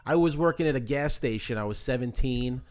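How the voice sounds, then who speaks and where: A man from New Jersey, a comedian hosting a podcast, telling stories in a casual, animated way and often laughing. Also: mid-range voice, brisk. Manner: animated, laughs often, acts out his own past lines. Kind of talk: casual storytelling chat.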